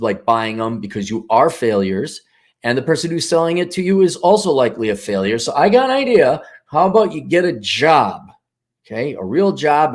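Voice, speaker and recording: A commentator with a mid-range, slightly mellow voice delivers a casual, rambling monologue. He's blunt and sarcastic and acts out mock voices.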